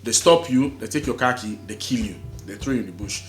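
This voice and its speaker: A man's voice: mid-range voice, brisk. Earnest man in a roomy space. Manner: earnest, explaining, emphatic. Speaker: podcast co-host. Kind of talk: casual discussion. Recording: roomy echo, faint music.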